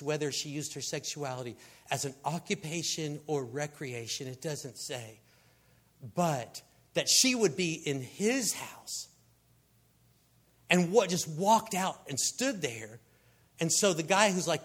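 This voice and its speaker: A man preaching a sermon, telling the story in an animated, conversational way and acting out the people in it. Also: fairly high pitch, husky. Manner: animated, acts out quoted voices, conversational asides.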